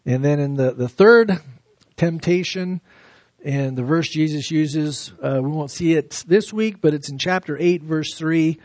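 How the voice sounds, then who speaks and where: A man preaching a verse-by-verse sermon, reading scripture slowly and then explaining it with lively emphasis. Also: on the high side, no room sound, clean studio sound. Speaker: pastor. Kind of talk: expository sermon.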